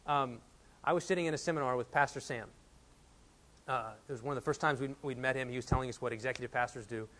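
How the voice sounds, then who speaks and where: A man's voice: mid-range voice, fast talker, a bit bright. A man from Texas in his thirties preaching a sermon as a pastor, telling a personal story and building to emphatic points.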